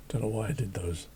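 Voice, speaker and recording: A man hosting a drawing channel, chatting casually and rambling as he draws, self-deprecating and laughing often, with a croaky voice. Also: fairly low pitch, a bit bright. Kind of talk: casual chat while drawing. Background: faint classical music.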